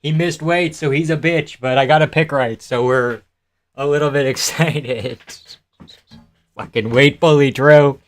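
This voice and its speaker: A man's voice: a little high, fairly even intonation, measured pace, soft background music. A young man hosting a live fight reaction stream, reading chat aloud, swearing and laughing often as he jokes. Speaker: livestream host.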